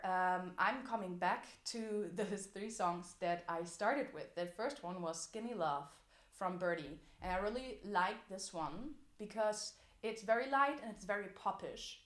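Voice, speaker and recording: A woman teaching a singing lesson as a vocal coach, explaining technique in an encouraging way. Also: medium pitch. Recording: echoey room.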